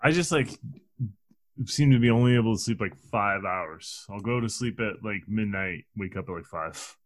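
A man in his thirties co-hosting a casual movie podcast, tossing out deadpan jokes and asides. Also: fairly low pitch, moderate pace, dry recording. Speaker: podcast co-host.

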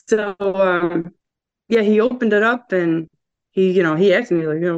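Brisk and medium-pitched, this regional-accented American woman chats casually as a podcast guest, laughing while she tells a story and giving the people she quotes lively voices. The recording sounds dull and lo-fi.

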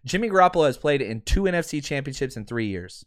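A man hosting a sports podcast, ranting about his team with heated, sarcastic fan commentary. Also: quick pace. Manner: calms to a quieter, lower promo pitch.

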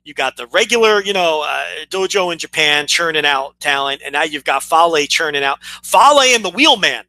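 A man's voice: on the high side, lively intonation, moderate pace, bright, forceful tone, poor audio. A man co-hosting a casual podcast, rambling through his analysis while losing his voice. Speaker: podcast co-host.

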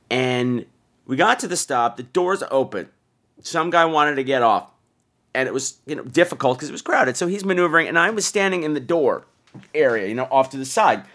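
A man hosting a podcast, telling a comic personal story in an animated, indignant way. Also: mid-range voice. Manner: animated, indignant retelling with voiced asides. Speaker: podcast host.

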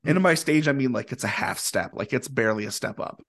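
A man telling a long story in a casual, animated way, with plenty of fillers and acted-out quotes. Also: mid-range voice, fast talker. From Indianapolis area, USA. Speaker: guest musician.

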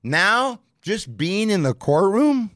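A profane, slang-heavy man recounting his story on a podcast. His pitch swings in a lively way, and he sounds close and dry. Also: takes it slowly, dry recording. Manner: profane, animated, street slang. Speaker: storyteller guest.

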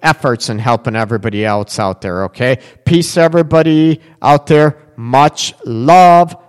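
A man's voice: mid-range voice, steady tone, a little fast, smooth. Blunt rambling male radio host, reverby. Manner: blunt, rambling, many fillers. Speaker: relationship radio show host. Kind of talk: casual radio talk show monologue.

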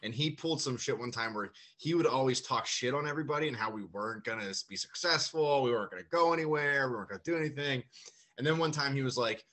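A man co-hosting a podcast, telling stories in casual comedic chat, swearing a lot and animated. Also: mid-range voice, fast. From United States. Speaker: podcast co-host.

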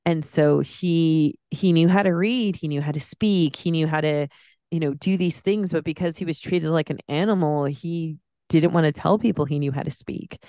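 A woman talking as a podcast guest in a loose, heartfelt ramble, often circling back and restarting her thoughts. Her voice is smooth and resonant but has a gravelly fry underneath. The recording is close and dry. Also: deep voice, moderate pace, warm tone, dry recording. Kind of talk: casual film discussion.

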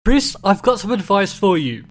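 A man's voice: sits high, big pitch swings, normal speed. An Australian man co-hosting a podcast in casual chat, giving dry, matter-of-fact remarks. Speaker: podcast co-host.

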